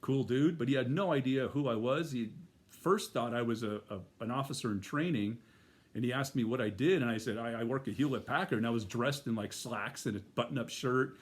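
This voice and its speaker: A man's voice: medium pitch, brisk. A middle-aged man telling a personal story in a casual, rambling way, full of fillers and restarts.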